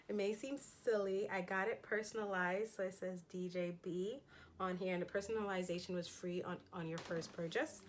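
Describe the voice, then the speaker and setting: A woman's voice: mid-range voice, steady tone, moderate pace, a little hiss or hum. A woman talking casually through a fashion haul in a chatty, enthusiastic way, with frequent ums and laughs. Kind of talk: casual haul chat showing items.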